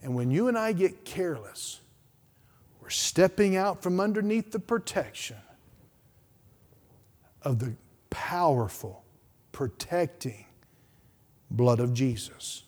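A man preaching a sermon as pastor, swinging from hushed, quiet passages to loud, climbing peaks. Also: a little high, animated, takes it slowly, pauses often. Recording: long hall reverb.

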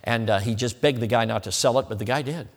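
Emphatic preacher in a reverberant hall. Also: male voice, medium pitch, fast. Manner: emphatic, swings between loud and hushed. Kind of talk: evangelistic sermon with altar call. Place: church sanctuary.

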